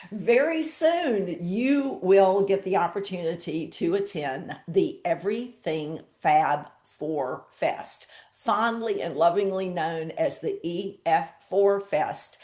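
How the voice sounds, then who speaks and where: Woman host, low-ish voice, gushing and excited, chatting with her guest. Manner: enthusiastic, gushing. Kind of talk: casual interview chat.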